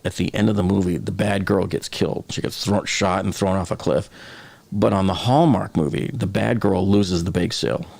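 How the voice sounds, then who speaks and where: A man's voice: fairly low pitch, vocal fry, a little mellow. A man from the Boston area hosting a live stream, chatting casually, joking and reading viewer comments aloud.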